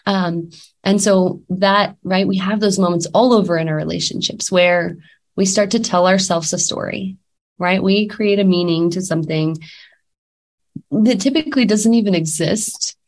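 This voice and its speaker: A woman's voice: medium pitch, a little mellow. A woman in her thirties, a life coach, talking candidly and casually with many fillers and restarts, a little sick. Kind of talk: casual talk to camera.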